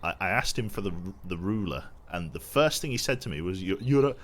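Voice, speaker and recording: A man's voice: low-pitched, animated, a little fast, fairly bright tone. A young man from England with a posh English accent, chatting casually with his viewers while streaming a game, self-deprecating and reading chat aloud.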